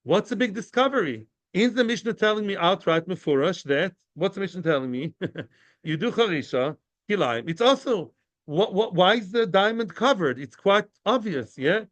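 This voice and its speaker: A man giving a daily Talmud lecture, lively and explanatory, acting out the sages' debate and glossing Aramaic and Hebrew terms as he goes. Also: high voice, normal speed, no echo. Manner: animated, acts out the sages' debate. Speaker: Talmud teacher.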